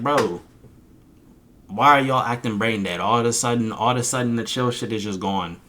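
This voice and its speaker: A man's voice: medium pitch, moderate pace, bright, forceful tone, slight background noise. A young man, a streamer, venting angrily and profanely about his chat, mocking them in quoted voices. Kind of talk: frustrated vent to camera.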